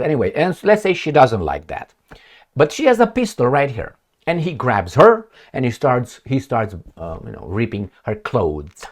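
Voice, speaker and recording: Animated male commentator, lively pitch. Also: normal speed. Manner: animated, rhetorical, sarcastic. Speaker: political commentator. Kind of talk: casual opinion commentary.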